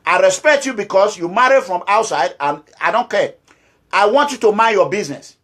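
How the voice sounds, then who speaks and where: A Nigerian-accented man speaks in an unusually high, piercing voice. He is an activist leader giving a fiery political address, alternately scolding and pleading, and he hammers his points by repeating short phrases. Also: animated, fairly quick, a bit bright. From Nigeria, Edo State.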